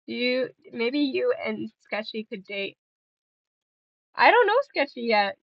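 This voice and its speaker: A woman's voice: a little high, animated, slow, vocal fry, no echo, dull audio. A young woman streaming and chatting casually with viewers, playful and giggly, rambling between stories.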